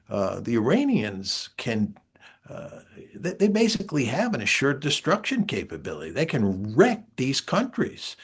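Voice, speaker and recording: An older man speaks with a husky, slightly breathy voice. His pitch rises and falls a lot as he makes his points, deliberate and emphatic, pausing on filler sounds as he lectures an interviewer. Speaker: guest political scientist. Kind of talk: interview answers.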